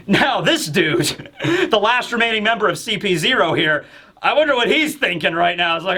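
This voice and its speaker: A man's voice: high voice, animated, brisk, sharp tone. A young man hosting a casual comic review, rambling and joking. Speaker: host.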